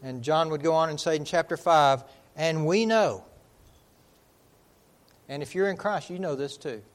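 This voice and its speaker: A man preaching a sermon, emphatic, swinging from loud declarations to hushed lines and slowing on key words. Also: on the high side.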